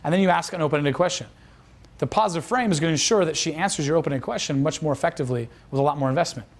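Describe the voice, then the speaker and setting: A man delivers a quick, rambling lesson as a dating coach. His voice sits a little high, and he often restarts his sentences and acts out quoted lines. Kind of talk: instructional talk.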